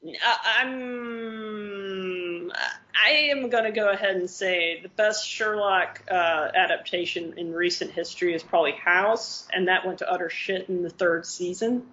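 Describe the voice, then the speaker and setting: A woman co-hosting a casual podcast chat, excitable and quick to swear, often restarting her sentences. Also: fairly low pitch. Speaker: podcast co-host. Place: living in Australia. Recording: slightly dull lo-fi podcast audio.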